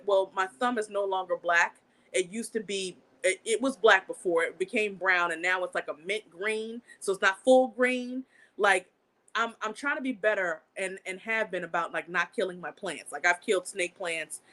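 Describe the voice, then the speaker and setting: This is a young woman running her own channel, spilling a story in a loose, conversational way. She swears casually, and her voice shoots upward when she gets indignant. Her pitch otherwise sits in an ordinary middle range. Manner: animated, swears freely, pitch jumps up when outraged. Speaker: channel host. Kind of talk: casual live-stream storytelling.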